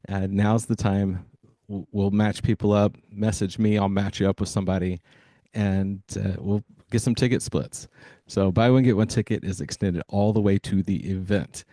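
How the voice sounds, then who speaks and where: A man's voice: on the low side, fairly even intonation, normal speed, dark tone, no room sound. A man hosting a sales podcast, talking to listeners in an enthusiastic, hyping way with plenty of fillers. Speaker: podcast host. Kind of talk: energetic podcast monologue.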